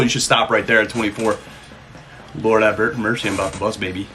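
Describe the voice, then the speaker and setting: A man's voice: fairly low pitch, brisk, sharp tone. A male streamer greeting chat and thanking viewers, hyped and a bit out of breath, swearing casually.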